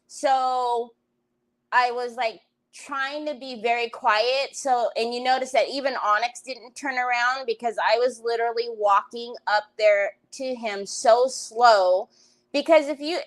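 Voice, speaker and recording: A woman runs a craft livestream from home, chatting casually with live viewers, greeting them by name, and breaking into loud laughs and exclamations. Her pitch is fairly high, and the audio is poor.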